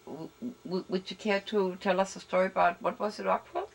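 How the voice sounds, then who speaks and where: A woman hosting a casual interview, relaxed and affirming, murmuring agreement as her guest talks. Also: mid-range voice, brisk, creaky. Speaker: interview show host.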